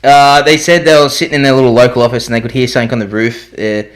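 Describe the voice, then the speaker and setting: A man's voice: medium pitch, level tone, very fast. A man co-hosting a podcast, reading out odd news in a dry, teasing way with hesitant fillers. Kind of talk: casual chat.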